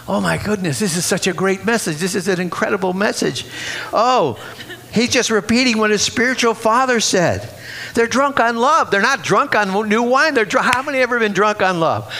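A man's voice: sits high, fairly bright tone. A man preaching a sermon, exuberant and repetitive, often laughing between phrases.

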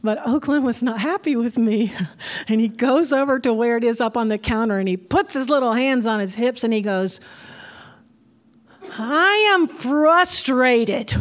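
An older grandmother preaching a sermon, telling a homey story with asides and laughs. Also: on the high side.

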